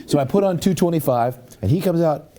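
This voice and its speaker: Warm-toned animated male talk host. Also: on the high side, a little fast. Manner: animated storyteller who acts out quotes. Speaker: show host. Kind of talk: casual storytelling on a talk show.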